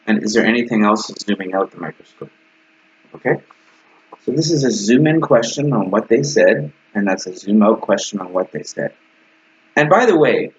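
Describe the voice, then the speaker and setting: A man teaching English conversation to camera in a casual way, acting out both sides of sample dialogues. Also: on the low side. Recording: slightly dull lo-fi sound.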